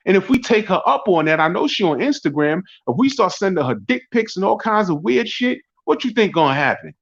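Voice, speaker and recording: High-voiced man ranting, profane and mocking. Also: big pitch swings, fairly quick, vocal fry. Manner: loud, profane, mocking, rambling. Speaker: podcast host. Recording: dull lo-fi audio.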